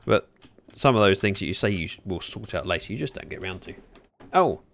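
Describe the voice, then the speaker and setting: A man chatting casually at his desk while livestreaming a game, speaking into a desk microphone, with sudden excited yelps. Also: low voice, a little fast, gravelly. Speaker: gaming livestreamer. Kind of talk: casual commentary while playing.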